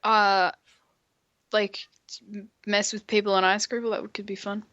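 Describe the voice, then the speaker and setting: Bright-voiced teasing young woman. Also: medium pitch, little pitch movement, normal speed, no room sound, muffled recording. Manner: teasing, laughing, acts out past exchanges. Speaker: podcast co-host. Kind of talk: casual chat.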